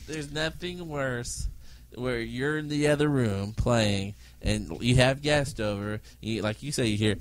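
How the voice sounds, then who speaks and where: A man on a podcast, casually telling childhood stories in an animated way. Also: medium pitch, a little slow. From United States. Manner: animated storyteller, mimics relatives with laughter. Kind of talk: casual chat.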